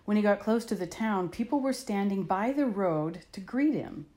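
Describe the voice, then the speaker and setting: A woman's voice: mid-range voice, expressive, normal speed, warm tone. A woman telling a Bible story to children with expression, asking the listener questions along the way.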